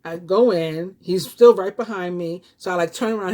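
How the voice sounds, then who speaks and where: A New York woman in her fifties, a tarot reader, tells her viewers a personal story with a New York accent. She rambles chattily, full of fillers and restarts. Her voice is fairly low and mellow, at a moderate pace.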